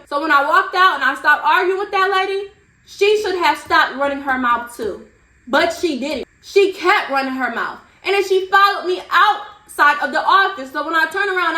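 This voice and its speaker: Bright, lively young woman telling a story. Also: very high-pitched, reverberant. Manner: animated, slangy retelling. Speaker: vlogger. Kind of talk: storytime vlog.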